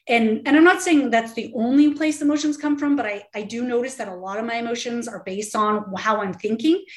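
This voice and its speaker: A woman in her thirties, a podcast guest, talking in an earnest, encouraging way and laughing often. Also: a little high. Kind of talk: casual interview talk. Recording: roomy echo.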